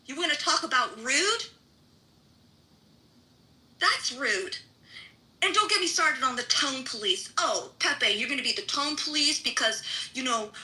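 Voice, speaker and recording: A woman's voice: high voice, pushed and bright, rough recording. A middle-aged woman in a live audio chat room, angrily calling someone out, swearing and mimicking others sarcastically.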